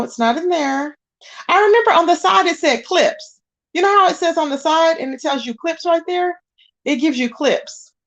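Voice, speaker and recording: High-voiced woman chatting on a livestream. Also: creaky. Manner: chatty, greets viewers, exasperated searching. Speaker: livestream host. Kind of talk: casual livestream chat.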